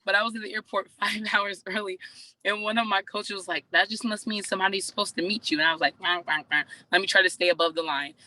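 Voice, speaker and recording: Chatty woman telling a lively story. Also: medium pitch, fast, rough recording. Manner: chatty, acts out quoted dialogue. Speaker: team member sharing a story. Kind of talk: casual storytelling on a group call.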